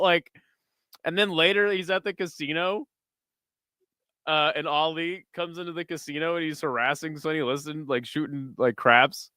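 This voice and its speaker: A young man streaming for his chat, telling rambling stories with frequent laughs and casual swearing. His slightly high voice swings widely in pitch. The sound is close and dry, with no room around it. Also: normal speed, no echo. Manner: laughs often, swears freely, animated storytelling. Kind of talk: casual chat with viewers while watching videos.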